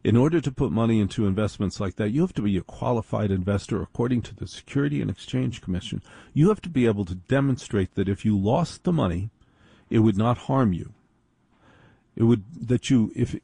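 A man's voice: mid-range voice, creaky, mellow, husky, no room sound. A man telling a story in a wry, dry, digressive monologue.

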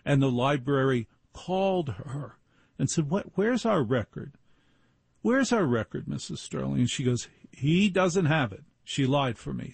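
A man's voice: medium pitch, darkish tone, breathy edge, dry recording. An older man hosting a show, telling wry personal stories in a conversational way and acting out the voices of the people in them. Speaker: show host. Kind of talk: storytelling monologue.

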